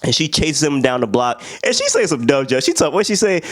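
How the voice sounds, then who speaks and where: A man's voice: fairly high pitch, sing-song, a little fast, fairly bright tone. A young man giving a casual, slangy film review. He is sleepy and a little sick, and he acts out the characters he quotes.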